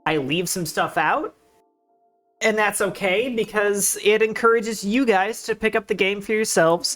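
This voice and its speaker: A woman streaming games, chatting casually and excitedly with her viewers, rambling and restarting her sentences. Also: mid-range voice, moderate pace, faint music behind. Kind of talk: casual gaming stream chat.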